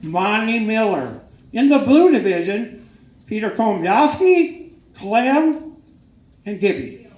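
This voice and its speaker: A man's voice: high-pitched, big pitch swings, slow pace, long pauses, a little mellow. An older man presenting awards at a banquet, folksy and joking, talking up each winner with emphatic praise. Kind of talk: casual speech at a banquet. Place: banquet hall. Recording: echoey hall with crowd and noise.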